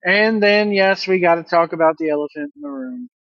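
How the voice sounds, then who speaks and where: A man recapping a wrestling show in a casual solo review, blunt and opinionated, with animated play-by-play. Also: sits high, brisk, no room sound, lo-fi sound.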